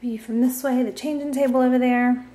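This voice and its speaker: The woman's voice sits high yet has a dark tone, fairly even intonation and a brisk pace, all in an echoey room. A pregnant vlogger, she chats casually on a handheld camcorder in her small nursery at home, with ums and little laughs.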